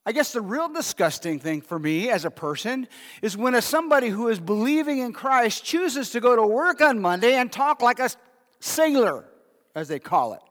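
A man's voice: very high voice, sing-song, moderate pace, a bit bright. A man preaching a sermon as pastor, talking in a conversational way and asking the congregation questions. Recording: long hall reverb.

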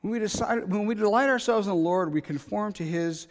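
A middle-aged man preaching a sermon, talking conversationally and building to loud, emphatic passages. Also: high voice, fairly quick. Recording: long reverb in a large hall.

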